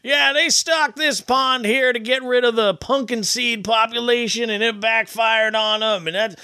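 A man's voice: extremely high pitch, steady tone, unhurried, bright, forceful tone, smooth, dry recording, clean studio sound, pitched above the performer's own voice, heavily acted. A man imitating a drunk fisherman he meets at a pond, in a raised voice. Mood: gruff.

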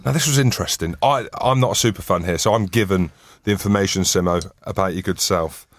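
A man's voice: low-pitched, fast talker, no room sound, clean studio sound. A man hosting a rugby podcast, joking around while running through the formalities in casual banter. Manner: jokey, runs the formalities. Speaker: podcast host.

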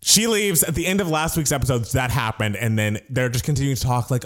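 A man's voice: mid-range voice, fast talker, hardly any pauses, fairly bright tone. A man animatedly telling a story as he recaps a reality TV episode in casual chat, swearing now and then.

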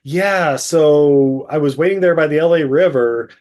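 A man's voice: on the high side, measured pace, a little mellow, lightly acted. A man doing a blunt, tactless detective. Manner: offhand and blunt. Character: blunt middle-aged male detective, tactless.

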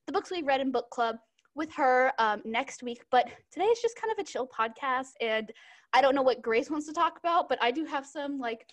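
High-voiced young woman chatting casually. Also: animated, moderate pace. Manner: giggly, rambling with many fillers. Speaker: podcast co-host. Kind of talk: casual chat.

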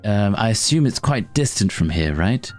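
A man's voice: lowish voice, big pitch swings, moderate pace, faint music behind. Playful man playing a tabletop character. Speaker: player.

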